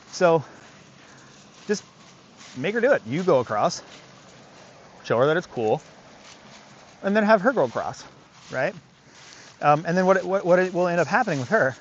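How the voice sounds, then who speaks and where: A man with a fairly high, very animated voice explains dog training in an easy, conversational way while walking outdoors. He keeps asking rhetorical questions and tags on a quick "right?". The recording is a little muffled, with faint background hiss. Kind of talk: casual explanatory commentary. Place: outdoors on a trail by a creek.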